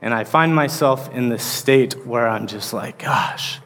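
At a measured pace and medium pitch, with a bit of brightness, this associate pastor in his thirties preaches casually and ramblingly, leaning on fillers. The long reverb of the large sanctuary fills the recording.

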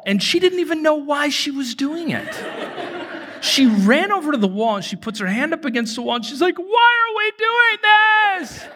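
A man in his thirties preaching a sermon in a church hall, telling stories with lively acted-out moments. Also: sits high, breathy edge. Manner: animated storytelling, acts out shouted quotes. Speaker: pastor. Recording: long reverb of a large hall.

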